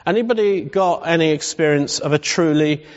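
Speaking at a moderate pace, a somewhat high-voiced pastor delivers a humorous sermon in a conversational manner, often addressing questions to the congregation. The sound is a little dull, with a long reverb from the hall.

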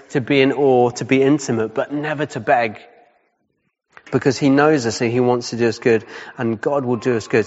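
A man preaching a sermon in a casual, conversational way, often checking in with "yeah?" and repeating his key points. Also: mid-range voice. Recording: dull sound with long hall reverb.

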